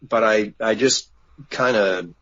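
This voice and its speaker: A man telling of a sighting in a halting way with many restarts, as a guest on a remote interview. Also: on the low side, a bit bright. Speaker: guest witness. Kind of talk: casual radio interview. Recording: dull lo-fi remote line.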